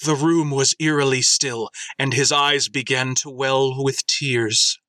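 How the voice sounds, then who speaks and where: A man's voice: medium pitch, steady tone, a little slow, bright, forceful tone, no echo. A man hosting a podcast, chatting casually and reading listener submissions aloud as comic dramatic readings.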